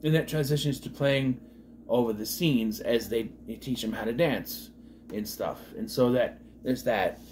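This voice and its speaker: A man's voice: medium pitch, measured pace, darkish tone, slight background noise. A man giving a casual, rambling movie review, trailing off with lots of asides. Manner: rambling, full of "you know" and restarts.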